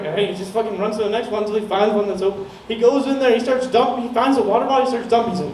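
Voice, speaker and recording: A man's voice: sits high, racing, few pauses, darkish tone. A young man doing stand-up, telling a rambling, profane story and laughing at his own jokes. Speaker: stand-up comedian. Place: small comedy venue. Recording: echoey room, mic heard from far off, some noise.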